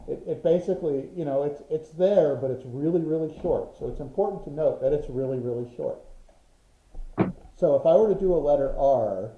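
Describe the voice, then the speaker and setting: A man's voice: a little high, normal speed, slight background noise. A man teaching an online Morse code class, patient and methodical, sounding out rhythms with his voice. The sound is roomy and a bit dull, like a lo-fi video call. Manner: patient, explains with examples and rhythmic vocal sounds.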